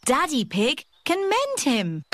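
Sensible cartoon mother pig, slightly high, soft and patient. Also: huge pitch swings, slow pace, a little hiss or hum, full character voice. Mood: gentle. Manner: gentle, patient.

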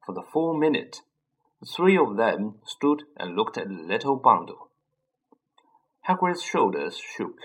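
Male audiobook narrator, slow, husky, expressive. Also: on the low side, rough recording. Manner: measured, expressive storytelling. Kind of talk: scripted narration.

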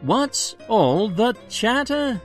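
A man voicing a grand adult stage magician with booming, drawn-out theatrical calls. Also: very animated, faint music behind, exaggerated voice. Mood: teasing.

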